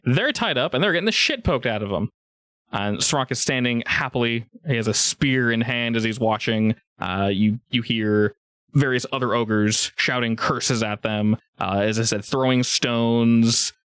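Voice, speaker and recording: A man's voice: mid-range voice, moderate pace, fairly bright tone, clear, resonant tone, dry recording, clean studio sound. A man narrating as game master in a rambling, laughing way with many restarts.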